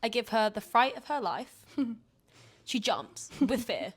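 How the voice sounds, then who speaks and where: A young woman co-hosting a podcast, telling stories in a lively, animated way and laughing often. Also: a little high, unhurried, husky. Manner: animated storytelling, laughs a lot. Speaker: podcast co-host. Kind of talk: casual chat.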